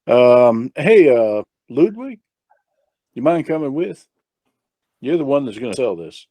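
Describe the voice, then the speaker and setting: A man playing a tabletop role-playing game, talking quickly and casually at the table. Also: medium pitch, very animated, dark tone, no echo. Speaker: player. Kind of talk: tabletop role-play banter.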